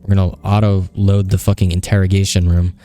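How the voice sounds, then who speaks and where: Profane, low-voiced game commentator. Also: male voice, a little fast, soft background music. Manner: profane, excitable, talks to the game. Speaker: gaming video host. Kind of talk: casual let's-play commentary.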